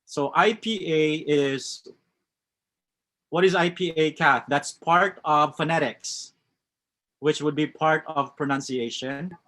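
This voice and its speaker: A man's voice: a little high, slow, pushed and bright. A man with a West Coast American accent teaching a live online English class, reading out chat answers and commenting on them.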